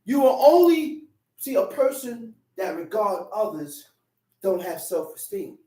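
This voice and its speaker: A man's voice: high voice, very animated, measured pace, dark tone. A man preaching a sermon, telling a personal story and acting out the voices in it. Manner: storytelling, acts out voices in quotes. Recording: echoey room, mic at a distance.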